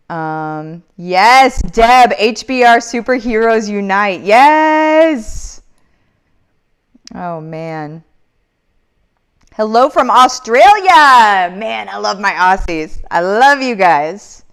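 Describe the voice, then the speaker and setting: A woman's voice: mid-range voice, a bit bright, clear, resonant tone. A woman in her thirties hosting a casual live Q&A, reading out viewer comments in an upbeat, motivational way. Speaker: live Q&A host.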